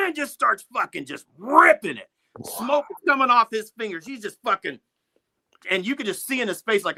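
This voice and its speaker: Middle-aged producer guy spinning studio stories, swears a lot, voice bright and sharp, high and bouncing all over. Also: brisk, no echo. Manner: lively, swears freely, acts out the people he quotes. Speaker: music producer and studio owner, guest. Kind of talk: animated storytelling in a podcast interview.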